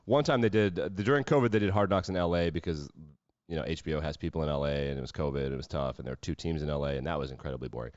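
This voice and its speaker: A man's voice: extremely low pitch, racing, a little mellow, no room sound, highs cut off. A man hosting a solo sports podcast, talking casually with sarcastic, wry asides. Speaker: podcast host.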